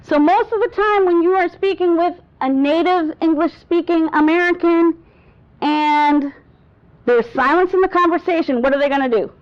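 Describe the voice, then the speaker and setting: A woman speaking coach giving a lively workshop talk to a live audience, acting out voice examples and laughing often. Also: extremely high pitch, moderate pace. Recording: dull lo-fi sound.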